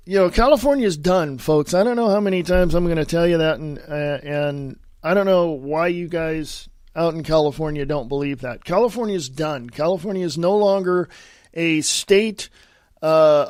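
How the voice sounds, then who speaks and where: A man hosting a solo political podcast, reading news headlines aloud with sarcastic asides and repeating himself, often coughing and clearing his throat. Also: fairly high pitch, no room sound, clean studio sound. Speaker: podcast host.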